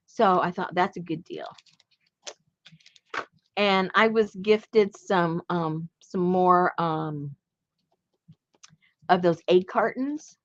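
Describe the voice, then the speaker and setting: A woman's voice: lowish voice, takes it slowly, pauses often, highs cut off. A middle-aged woman hosting a casual craft chat, talking freely with many ums, restarts and frequent laughs. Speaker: craft channel host.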